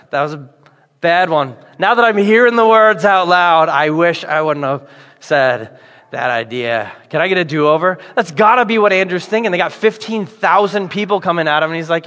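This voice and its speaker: A male pastor preaching a sermon, telling stories with animated, playful voices for the people in them. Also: sits high, normal speed. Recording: long hall reverb.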